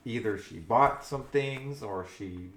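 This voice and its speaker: A man's voice: mid-range voice, slow, crowd noise. A man co-hosting a casual talk show, telling stories in a rambling way and laughing often. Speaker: co-host. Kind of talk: casual podcast chat. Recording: echoey room.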